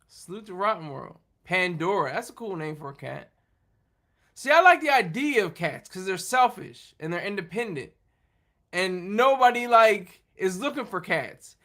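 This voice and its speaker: A man with a high, bright voice hosts a casual livestream and talks straight to his viewers. He rambles, restarts his sentences and trips over his words as he goes. He sounds loose and unscripted. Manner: rambling, halting, with many restarts and laughs. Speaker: livestream host talking with viewers. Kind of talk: casual chat.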